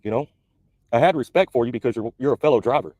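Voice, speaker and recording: A truck-driving man delivers a blunt, confrontational rant at a rapid clip. His voice sits mid-range and sounds close and dry, with no room around it. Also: medium pitch, darkish tone, no room sound. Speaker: truck driver YouTuber. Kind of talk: recorded video rant.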